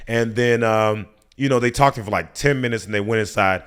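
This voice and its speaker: A man's voice: fairly low pitch, fairly quick, fairly bright tone, clear, resonant tone. A man in his thirties, a comedian guest on a podcast, telling a story casually with laughs and acted-out quotes. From United States. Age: 30s. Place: podcast studio.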